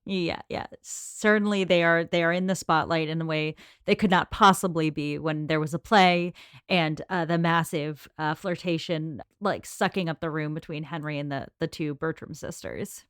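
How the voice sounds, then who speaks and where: A woman's voice: deep voice, moderate pace, clean tone, no echo, clean studio sound. A woman co-hosting a podcast, leading the segments of a casual book discussion in an organized, talkative way. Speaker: podcast co-host.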